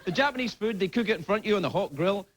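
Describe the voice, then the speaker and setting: A man's voice: sits high, lively intonation, racing. A Scottish man, a late-night talk show host, delivering a rambling comedy monologue with lots of stammering restarts. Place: TV studio. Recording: loud background noise.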